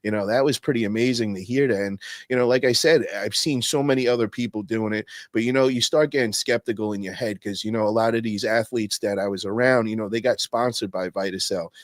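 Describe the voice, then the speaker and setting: Podcast host: man, lowish voice, slangy and profane storyteller, dry close mic. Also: fairly even intonation, quick pace, hardly any pauses, dry recording. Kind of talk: casual podcast chat.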